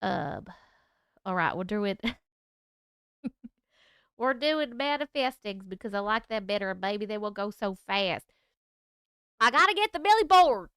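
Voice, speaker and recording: A woman's voice: medium pitch, sing-song, unhurried, long pauses, fairly bright tone, smooth, dry recording, clean studio sound. A woman hosting a casual live stream, chatting bubbly and thanking viewers by name. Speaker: livestream host.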